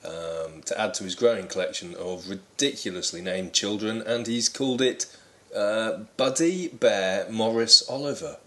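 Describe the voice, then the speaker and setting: A man co-hosting casual comedy banter as the dry, steady straight man. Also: on the low side, normal speed. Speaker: co-host.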